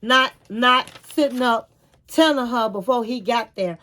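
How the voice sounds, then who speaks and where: A woman's voice: fairly high pitch, measured pace, a bit bright. A woman casually recapping a reality show and giving frank advice, calling her viewers honey and queens. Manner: chatty, retells scenes with quoted dialogue.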